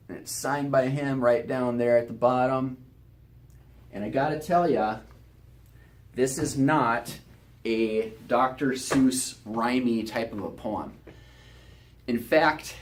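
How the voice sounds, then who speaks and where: A chiropractor telling a patient's story in a promotional video, talking in an earnest, conversational way. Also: male voice, medium pitch.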